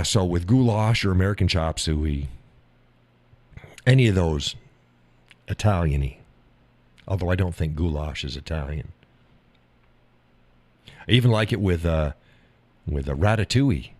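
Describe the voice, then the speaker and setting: A man's voice: deep voice, a little mellow, no room sound. A man hosting a live stream, chatting casually with viewers in a folksy, drawling way and laughing often.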